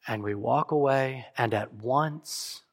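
A man preaching a sermon as pastor, emphatic and earnest, acting out imagined prayers and dropping to soft, solemn lines. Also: mid-range voice, takes it slowly. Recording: long hall reverb.

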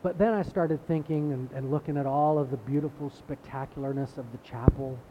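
A man's voice: mid-range voice, a little fast, lo-fi sound, a little hiss or hum. A man giving a sermon as pastor, in a conversational preaching style that repeats words and builds emphasis.

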